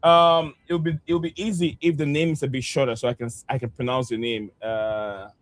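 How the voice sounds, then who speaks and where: A man's voice: mid-range voice, little pitch movement, normal speed. A man hosting a football live stream, chatting with viewers directly in a hesitant way with many "uh" fillers. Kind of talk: casual football chat with viewers.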